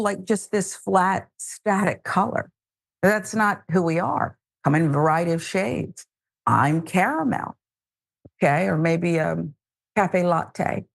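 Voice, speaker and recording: A woman's voice: medium pitch, creaky, no room sound, studio quality. A woman co-hosting a news show, reading reports and throwing in wry joking asides.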